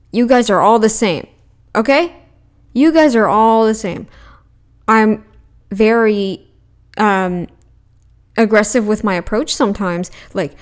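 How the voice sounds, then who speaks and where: This reaction commentary host is blunt and combative, frequently mocking her subjects and quoting them in put-on mocking voices. Her voice sits on the high side with lively intonation, and she speaks slowly, pausing often.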